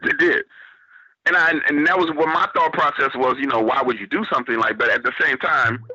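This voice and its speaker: A man's voice: medium pitch, a little fast, sharp tone, slightly rough, no echo, dull audio. A man from New Orleans with a Southern accent, telling a story on a radio show and quoting what others said to him. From New Orleans, Louisiana, US. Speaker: guest storyteller.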